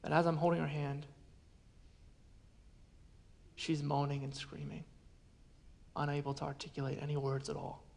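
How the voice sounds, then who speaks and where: A man preaching a sermon as a pastor, telling a personal story in an earnest way and often dropping to a hushed voice. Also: fairly high pitch, level tone, a little fast, gravelly.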